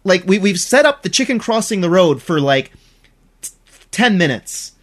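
A podcast co-host in casual chat, ranting in an animated, exasperated way and laughing as they talk. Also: moderate pace. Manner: animated, exasperated ranting with big pitch swings; laughs while talking.

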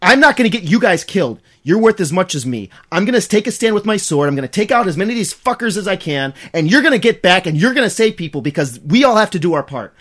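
A man's voice: on the high side, very animated, takes it slowly, long pauses, breathy edge, full character voice. A man voicing a wounded middle-aged king who is resigned and earnest, speaking in a pleading, solemn way. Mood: resolute.

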